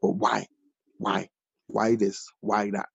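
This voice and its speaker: A man from Nigeria, a chef, telling his story casually in an interview, animated and full of fillers. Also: fairly low pitch, takes it slowly, gravelly, slightly rough, no room sound. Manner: animated, many fillers like "like" and "you know". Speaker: chef, podcast guest. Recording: dull lo-fi audio.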